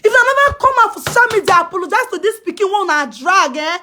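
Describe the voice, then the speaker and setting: A woman with a Nigerian Pidgin English accent, ranting and scolding on a phone live stream, repeating herself emphatically and breaking into shouts. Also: very high-pitched, lively intonation, very fast. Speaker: social media personality.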